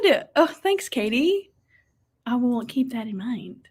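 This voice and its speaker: Chatty livestream host, young woman, animated comment reader. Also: fairly high pitch, a little slow, long pauses, husky. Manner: bubbly, reads viewer comments aloud and reacts. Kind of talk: casual livestream chat reading comments.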